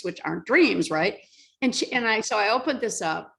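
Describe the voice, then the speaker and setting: A middle-aged woman telling personal stories in a rambling, animated way, laughing often. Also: on the high side, moderate pace, creaky. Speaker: guest. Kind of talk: casual storytelling. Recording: roomy echo.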